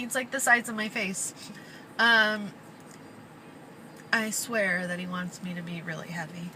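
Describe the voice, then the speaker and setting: Young woman vlogger, stuffy nose, casual chatty delivery, car recording with steady road hum. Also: mid-range voice, measured pace, pauses often, poor audio. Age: young adult. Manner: chatty, baby-talks to her dog. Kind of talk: casual vlog chat. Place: in a car while driving. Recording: car noise in the background.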